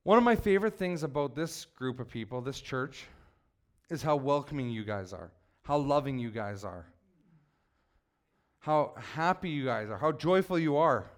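A man's voice: mid-range voice, expressive, moderate pace. A man preaching a sermon as pastor to his church, earnest and emphatic, prompting the congregation to repeat after him.

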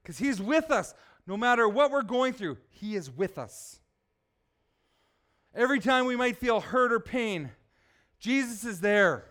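A man's voice: very high-pitched, animated, normal speed, fairly bright tone. A man preaching a sermon in church, emphatic and often asking the congregation questions. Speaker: pastor.

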